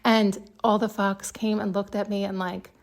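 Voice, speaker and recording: A woman hosting a podcast, telling a story in a chatty, excitable way and laughing often. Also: mid-range voice, moderate pace. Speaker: podcast host. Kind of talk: casual storytelling monologue.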